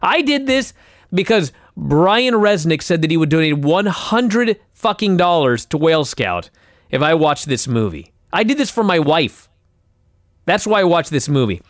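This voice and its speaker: This podcast co-host has a fairly high voice with a sing-song quality, moving at a moderate pace. The studio sound is clean and dry. He vents in casual, exasperated chat, swearing as he rants.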